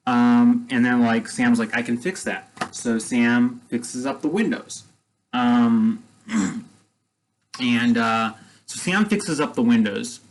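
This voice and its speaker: A man casually retelling a story in his own plain voice. He rambles, repeats himself, and leans on fillers as he goes. The tone is relaxed and conversational. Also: mid-range voice, slow pace, a little hiss or hum, rough recording.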